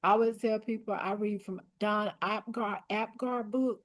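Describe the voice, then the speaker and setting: A woman coaching a study group for an exam, speaking in a direct, repetitive and encouraging way while her voice grows hoarse and she keeps clearing her throat. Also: mid-range voice, steady tone, moderate pace. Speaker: academic coach.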